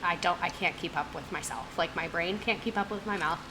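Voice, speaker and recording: A woman in her twenties hosting a casual live stream, talking very fast and gasping for air between phrases. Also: fairly low pitch, background noise. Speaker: streamer host. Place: home streaming setup.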